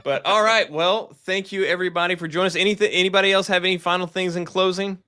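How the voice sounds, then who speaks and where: Bright-voiced casual male podcast host. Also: sits high, steady tone, fast, clear, resonant tone. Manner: rambling, self-correcting, joking. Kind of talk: casual chat.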